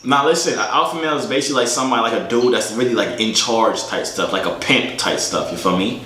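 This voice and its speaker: A man's voice: medium pitch, fast, sharp tone. A young man vlogging and chatting with strangers online, joking and teasing in slang. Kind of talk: casual prank chat. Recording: echoey room with faint noise.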